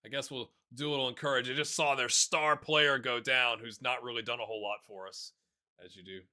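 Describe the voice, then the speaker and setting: A man giving casual, excitable commentary on a football management game, chatting to his viewers and calling the players lads. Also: medium pitch, a little fast. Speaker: gaming YouTuber. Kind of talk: casual let's-play commentary.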